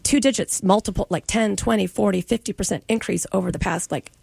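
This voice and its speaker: A woman's voice: medium pitch, brisk, creaky, a little mellow, slightly rough, no echo. A woman on a political discussion panel, making her case with hesitant restarts but a firm point.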